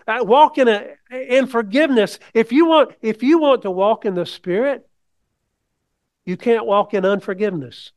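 Male preacher, high voice, conversational sermon, questions to the congregation.

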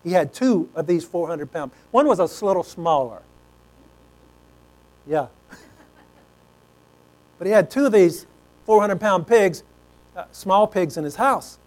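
A man's voice: high voice, animated, measured pace, long pauses, darkish tone, rough recording. A man preaching a sermon in a folksy, conversational storytelling way.

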